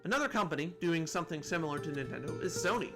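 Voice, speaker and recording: A man's voice: fairly high pitch, lively intonation, racing, music in the background. A man hosting a casual gaming commentary video, rambling with lots of restarts and asides. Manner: rambling, many restarts and asides, chuckles at own jokes.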